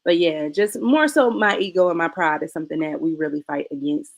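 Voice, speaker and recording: Earnest, lower-voiced woman. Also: fairly quick. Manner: earnest, reflective. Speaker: podcast guest. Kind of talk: casual podcast chat.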